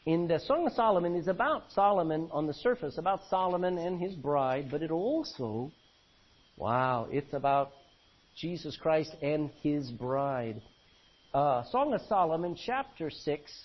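Husky preacher swinging loud and soft. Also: male voice, animated, measured pace. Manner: swings between loud emphasis and low quiet lines; reads old-fashioned scripture aloud. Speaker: pastor. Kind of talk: sermon. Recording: dull lo-fi recording.

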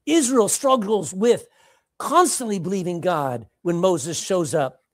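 A woman preaching a sermon, dramatic and animated, repeating phrases for emphasis and swinging between loud and hushed. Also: fairly low pitch, unhurried, dry recording, clean studio sound.

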